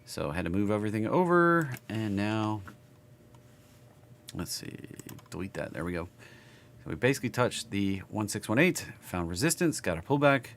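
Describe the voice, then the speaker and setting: A man's voice: on the low side, slight background noise. A man with a Southern US accent giving casual live market chart commentary, rambling and thinking aloud as he works. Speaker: market analysis streamer.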